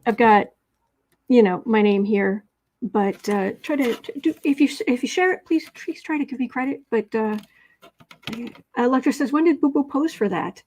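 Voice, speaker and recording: A woman's voice: on the high side, normal speed, a little mellow. A woman from the United States hosting a casual tarot livestream from home, rambling and chatty, with asides to her cat, speaking into a fixed mic off to one side. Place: home room.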